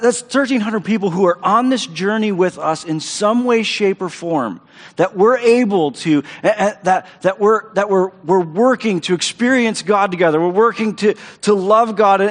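A man's voice: high-pitched, normal speed, long reverb tail. A man preaching as pastor to his church, enthusiastic and repeating himself as he restarts his phrases. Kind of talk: sermon. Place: church auditorium stage.

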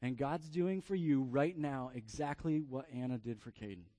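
A man in his thirties, a pastor preaching a sermon through a family story, often repeating words in quick bursts. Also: medium pitch, warm tone, no echo.

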